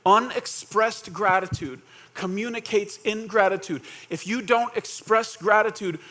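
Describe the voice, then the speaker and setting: A pastor with a notably high voice preaches at a measured pace, his tone bright and forceful. He keeps things conversational, asking the congregation questions and acting out little scenes in quoted voices.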